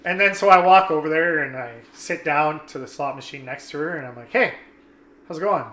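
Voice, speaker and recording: A young man telling a story in casual chat, animated and swearing, acting out his friends' lines. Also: on the high side, a little fast, roomy sound.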